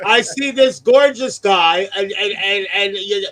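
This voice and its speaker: Sassy high-voiced man cracking jokes. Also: pushed and bright, rough recording. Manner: sassy, quick joking banter. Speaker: co-host. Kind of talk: campy casual chat.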